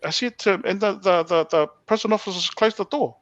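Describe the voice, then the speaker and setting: A man telling a personal story as a podcast guest, animated, stumbling over restarts and swearing bluntly. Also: high voice, a little fast, dry recording. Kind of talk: personal storytelling in a casual interview. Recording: dull lo-fi, dry sound.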